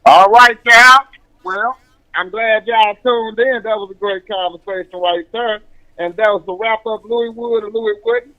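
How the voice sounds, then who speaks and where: A man's voice: high voice, fairly even intonation, moderate pace, sharp tone, rough recording. A man hosting a radio show, chatting in a laid-back, slangy way. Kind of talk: casual radio chat.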